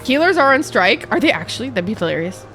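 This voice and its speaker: A woman streaming a game, chatting casually with viewers, excitable and swearing a lot. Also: fairly high pitch, fast. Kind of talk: casual live-stream chat. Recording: faint music behind.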